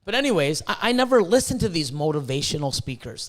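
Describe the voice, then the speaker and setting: A man hosting a casual podcast, rambling and swearing as he tells animated stories, hot and sweating in his room. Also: fairly high pitch, fast. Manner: profane, rambling, animated storytelling. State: sweating, overheated. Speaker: podcast host, reptile breeder. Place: hot indoor room with a fan.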